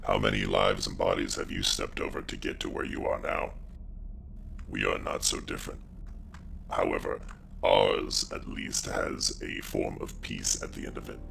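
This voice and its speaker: A man voicing a cold, calculating male robot overlord in a very deep, gravelly, whisper-like voice with a measured, lecturing manner. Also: level tone, fairly bright tone, a little hiss or hum, exaggerated voice.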